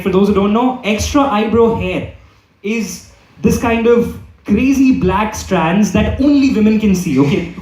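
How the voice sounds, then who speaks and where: A man's voice: high-pitched, darkish tone. A young man doing a stand-up comedy set in a club, rambling and asking "okay?" after nearly every line. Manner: rambling, repeats "okay?" often. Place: comedy club hall with live audience. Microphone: handheld microphone. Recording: roomy hall, distant mic.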